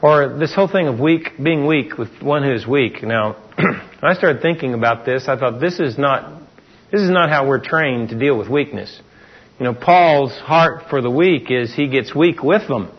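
A middle-aged pastor preaches a conversational sermon in an animated, slightly rough mid-range voice at a moderate pace. He poses rhetorical questions to his listeners and acts out what people say. The recording is dull and lo-fi.

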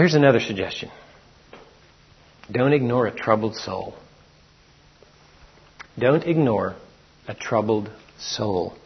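A man's voice: medium pitch, breathy edge, dull audio. A man preaching a sermon in a folksy, storytelling way. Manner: folksy storytelling, acts out quotes.

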